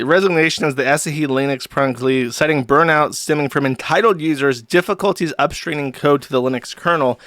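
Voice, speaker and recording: A man's voice: mid-range voice, a bit bright, dry recording. A man hosting a livestream, ranting in crude, scornful commentary and breaking into laughs. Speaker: host.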